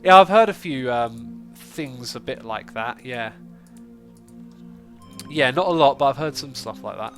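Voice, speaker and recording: A man's voice: mid-range voice, lively intonation, measured pace, long pauses, a bit bright, soft background music. A man with a stuffy, congested nose hosting a casual gaming livestream, chatting and thinking aloud as he plays. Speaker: livestream host.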